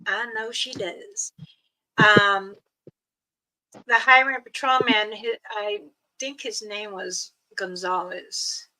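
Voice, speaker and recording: A woman's voice: medium pitch, fairly even intonation, slow pace, bright, forceful tone, rough recording. An older woman from Montana telling family stories on her channel in a rambling way, with chuckles. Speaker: storyteller, channel host. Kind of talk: casual storytelling.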